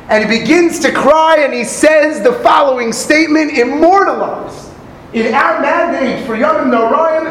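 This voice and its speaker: High-voiced man preaching in an echoey room. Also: normal speed, fairly bright tone, a little hiss or hum. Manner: dramatic storytelling with acted quotes and Hebrew phrases. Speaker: rabbi teaching Talmud. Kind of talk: sermon.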